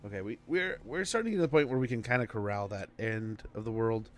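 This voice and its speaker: A man's voice: fairly low pitch, fast talker, a little hiss or hum. A man streaming a strategy game, giving casual commentary and rambling through a story with lots of fillers.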